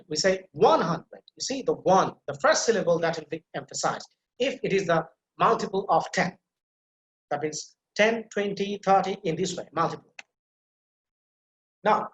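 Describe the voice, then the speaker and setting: A man's voice: on the high side, a bit bright. Male instructor, patient step-by-step explainer, roomy echoey sound. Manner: explains step by step, repeats key points, many fillers. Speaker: teacher. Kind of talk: online pronunciation lecture.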